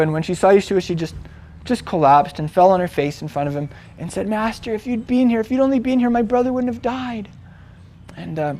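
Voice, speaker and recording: A man with a noticeably high voice retells a Bible story in a relaxed, chatty teaching style. He talks like he is telling friends about it, full of "like" and "um", restarting his sentences as he goes. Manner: conversational, animated retelling with many fillers and restarts. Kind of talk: casual storytelling sermon.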